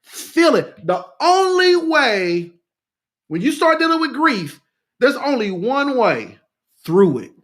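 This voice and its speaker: High-voiced man giving a rousing talk. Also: very animated, slow, fairly bright tone. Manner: repetitive, rousing, addresses listeners as "y'all". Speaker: grief speaker hosting a live talk. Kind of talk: impassioned talk, reading viewer comments.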